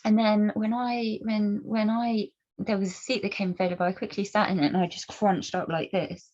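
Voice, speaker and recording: An earnest woman talks straight to camera at a middle pitch, asking pointed rhetorical questions. She often restarts her sentences as she goes. The recording sounds dull and a little lo-fi. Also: little pitch movement, moderate pace, a little mellow. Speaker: campaigner speaking to camera. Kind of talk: personal commentary and storytelling.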